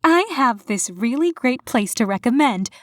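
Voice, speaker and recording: A woman's voice: a little high, lively intonation, moderate pace, fairly bright tone, no echo, studio quality, pitched above the performer's own voice. A woman voicing a chatty, giggly young woman in her twenties in an audiobook. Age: 20s. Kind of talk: audiobook character voice.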